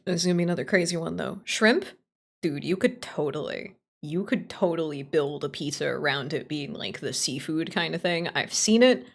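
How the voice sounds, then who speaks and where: A woman's voice: deep voice, expressive, normal speed, vocal fry. A woman streaming live, chatting casually in a blunt, opinionated, heavily profane way while answering her chat. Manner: playful, answering chat as she talks.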